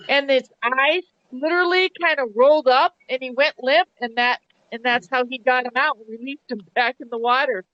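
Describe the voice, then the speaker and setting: A woman's voice: high voice, no room sound, lo-fi sound. A middle-aged woman who used to work as a take-home chef, chatting casually on a live stream and telling a joke with easy laughs.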